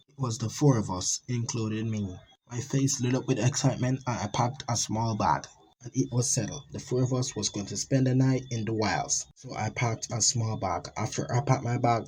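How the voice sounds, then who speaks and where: A man's voice: medium pitch, darkish tone, a little hiss or hum, poor audio. Rambling man telling a horror tale. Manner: rambling, dramatic, unpolished. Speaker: narrator. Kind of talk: amateur horror story narration.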